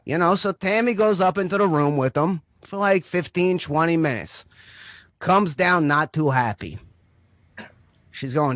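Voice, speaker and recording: Crude rambling storyteller man, bright dry voice. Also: a little high, expressive, unhurried, dry recording. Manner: rambling, crude, says "right?" often. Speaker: comedian telling a story. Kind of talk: profane stand-up storytelling.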